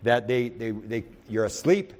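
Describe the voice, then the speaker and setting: Male lecturer with an average pitch who tells rambling anecdotes in the present tense and often restarts. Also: unhurried. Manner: rambling, with frequent restarts and repeated words; animated storyteller who speaks in the present tense. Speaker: UFO researcher giving a talk.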